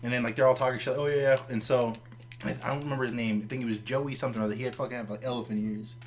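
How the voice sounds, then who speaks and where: A young man with a mid-pitched, everyday voice, trading relaxed, joking banter on a podcast. He swears casually and keeps it loose. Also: racing. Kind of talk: casual chat.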